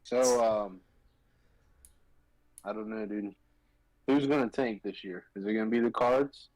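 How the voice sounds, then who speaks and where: A man's voice: fairly low pitch, measured pace, no room sound, low-quality recording. A man co-hosting a podcast, telling stories with a lot of life and jumping into customers' voices as he goes. His voice is dry and close, with no room sound around it. He talks in a loose, casual way. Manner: animated storyteller acting out customers' voices. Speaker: podcast co-host. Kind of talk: casual chat.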